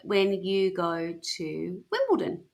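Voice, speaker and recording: A woman's voice: lowish voice, wildly swooping pitch, takes it slowly, gravelly. A woman co-hosting a casual true-crime podcast chat, telling the story in a chatty, self-mocking way. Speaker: podcast co-host.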